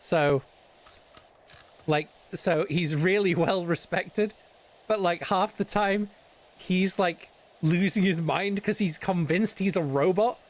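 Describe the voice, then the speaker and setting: A man's voice: sits high, slow pace. A British man streaming casual chat, rambling and swearing often between laughs.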